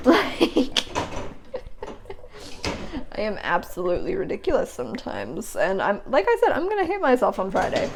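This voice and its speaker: A woman's voice: medium pitch, sing-song, normal speed, long pauses, background noise. Rambling, swearing young woman vlogger. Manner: swears a lot, rambling, laughs often. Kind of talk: casual late-night rambling vlog. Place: home kitchen at the sink, washing dishes.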